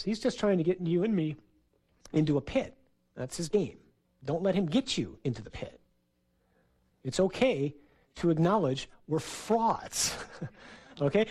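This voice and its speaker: A man's voice: high voice, a little mellow. A man who is a priest, giving a sermon in a conversational, storytelling way for a radio program. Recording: radio broadcast.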